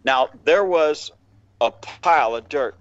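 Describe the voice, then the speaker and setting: In a casual podcast chat, a man with a voice on the high side takes his time telling a long, profane story. He is animated and acts out what people said. The recording is dry and lo-fi, with a dull sound and no room sound.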